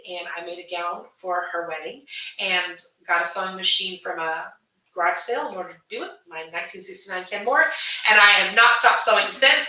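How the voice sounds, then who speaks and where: A woman from Houston, Texas, chatting casually on a livestream while selling her gowns, animated and calling viewers baby and honey. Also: mid-range voice, distant mic. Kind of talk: casual livestream sales chat. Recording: echoey room, voice away from the mic.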